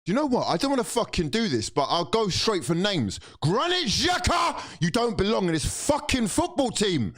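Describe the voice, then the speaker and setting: A young man, ranting in exasperation and swearing as a football fan reacting to a loss, swinging between shouting and muttering. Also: high voice, wildly swooping pitch, fairly quick, hardly any pauses. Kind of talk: angry fan reaction rant.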